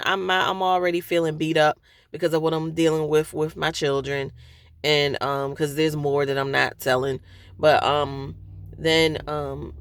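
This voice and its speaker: Slow, gravelly-voiced woman venting in a car. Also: low-pitched, no room sound. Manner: hesitant, full of pauses and restarts. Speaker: vlogger. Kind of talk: candid personal venting. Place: parked car.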